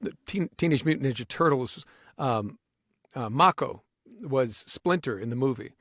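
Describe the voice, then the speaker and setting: A man guesting on a podcast as a voice actor, talking in an animated way and slipping into quick voices. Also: medium pitch, no echo, clean studio sound. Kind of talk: casual podcast conversation.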